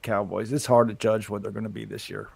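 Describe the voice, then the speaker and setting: A man's voice: on the low side, flat delivery, a little fast, creaky, husky, no room sound. A man on a casual sports podcast, talking hesitantly with many restarts.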